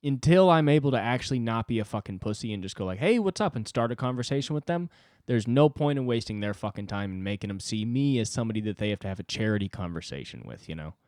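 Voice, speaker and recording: Agitated young man ranting, swinging pitch. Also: lively intonation, quick pace, a little mellow, dry recording, clean studio sound. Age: 20s. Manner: agitated, profane ranting with sudden pitch jumps. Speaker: podcast host. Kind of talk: solo comedy podcast rant.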